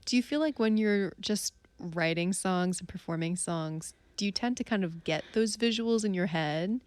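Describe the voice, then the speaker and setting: A woman's voice: lowish voice, normal speed, no echo. A woman hosting a radio show, encouraging and upbeat as she asks her guest questions. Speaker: radio host. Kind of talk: casual radio interview chat. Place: radio studio.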